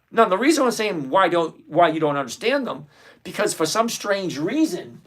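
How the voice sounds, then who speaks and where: His voice sits high, a little bright and husky. He hosts a stock-trading livestream with casual commentary, lecturing his audience emphatically and with clear exasperation.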